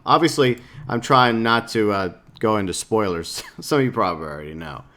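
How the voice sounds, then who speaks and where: Speaking at a normal speed in a fairly bright, mid-range voice, this man rambles through a casual breakdown of a game trailer. He's a gaming YouTuber who jokes around and leans on plenty of filler words.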